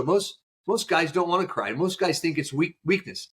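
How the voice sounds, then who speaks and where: A man's voice: a little high, expressive, moderate pace, breathy edge. A middle-aged man, a youth baseball coach, telling stories in a podcast interview with emotion and fire, acting out what he said to his players. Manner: emotional, fired-up storytelling with acted quotes.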